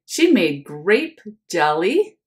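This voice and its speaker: A stubborn little boy from a children's storybook, insisting firmly on his point, as a woman reading aloud voices him. He speaks slowly, with a lively rise and fall in his voice. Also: fairly low pitch, full character voice. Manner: firm, insistent.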